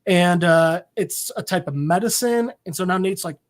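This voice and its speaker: Podcast co-host, mid-pitch, casual recap, loose and rambling with fillers, slips into character voices for quotes. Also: normal speed. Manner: rambling storytelling with many fillers.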